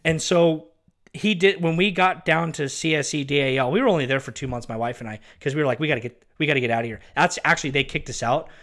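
Speaking briskly in a fairly high, fairly bright voice, this man, once a ministry worker, vents about a former colleague. He's worked up and emphatic, says things over and over, and hurls insults straight at the person as if he were there.

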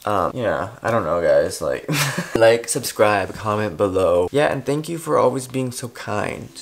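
A man's voice: lowish voice, expressive, unhurried, creaky, slight background noise. A man vlogging in a rambling, self-deprecating casual chat, cursing freely as he goes. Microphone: clip-on or desk mic.

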